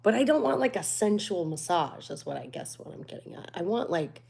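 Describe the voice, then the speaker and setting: A woman's voice: mid-range voice, very animated, fairly quick, gravelly, few pauses, a little mellow. A woman hosting a casual livestream, chatting candidly and laughing often. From United States. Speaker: livestream host.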